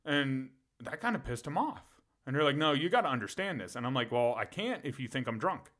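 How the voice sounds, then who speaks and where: Animated, profane male storyteller. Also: mid-range voice, moderate pace. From Pennsylvania. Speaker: podcast co-host. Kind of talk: casual storytelling.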